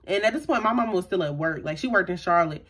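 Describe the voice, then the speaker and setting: A young woman tells a personal story to her viewers. Her voice has a husky, breathy grain. She talks in an animated, slangy way and keeps addressing her audience directly. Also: lowish voice, quick pace. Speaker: YouTuber. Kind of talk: storytime vlog.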